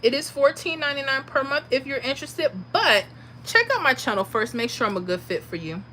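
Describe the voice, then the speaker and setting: A woman's voice: high voice, lively intonation, brisk, pushed and bright, a little hiss or hum, rough recording. A woman from Florida, hosting a casual livestream and answering viewer comments. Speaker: livestream host.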